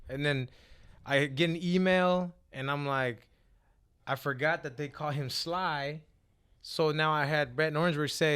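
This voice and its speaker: Animated, profane male storyteller, higher voice. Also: a little slow, smooth. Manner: animated, profane, quoting others. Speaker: guest. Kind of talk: casual storytelling chat.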